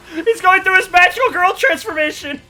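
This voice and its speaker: A man hosting an anime reaction, talking casually and excitably, swearing freely and laughing often. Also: very high voice. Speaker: anime reaction channel host.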